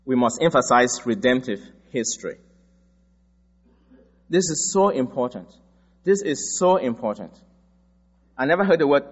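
A man from Africa delivers a sermon, moving between personal stories and firm, emphatic teaching. His voice sits a little high for a man. The recording is dull, with the long echo of a large hall. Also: a bit bright. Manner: storytelling, emphatic. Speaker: preacher.

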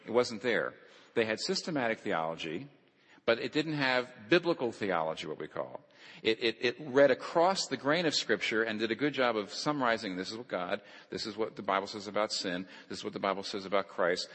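Male preacher, lowish voice, emphatic and repetitive, sermon taped with long hall reverb. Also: a bit bright. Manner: emphatic, repeats key phrases for stress. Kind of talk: lecture-style sermon.

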